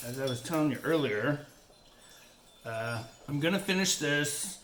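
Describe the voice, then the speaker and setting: A man's voice: mid-range voice, a bit bright, roomy sound, slight background noise. A middle-aged man chatting casually to viewers while he works on a diamond painting, rambling and laughing often. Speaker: crafting channel host.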